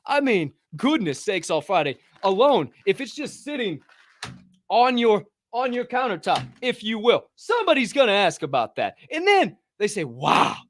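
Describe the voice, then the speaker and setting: A man hosting a casual livestream podcast, chatting and reading an ad in a rambling, profane way from a warm room at home. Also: sits high, huge pitch swings, normal speed. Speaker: podcast host.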